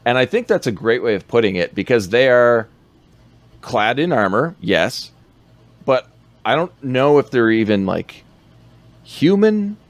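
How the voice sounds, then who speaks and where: A man's voice: mid-range voice, very animated, unhurried, pauses often, dry recording. A man co-hosting a podcast, rambling through a film recap in casual chat, laughing often.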